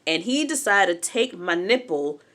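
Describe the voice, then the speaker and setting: A woman's voice: mid-range voice, moderate pace. A young adult woman telling a personal story in a casual, candid way, acting out what others said. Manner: animated, candid, acts out quotes.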